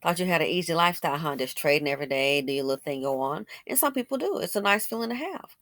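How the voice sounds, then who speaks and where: A woman's voice: low voice, animated, fast, a bit bright, no room sound, clean studio sound. A woman giving opinionated commentary, blunt and colloquial, who repeats phrases for emphasis and fires off rhetorical questions.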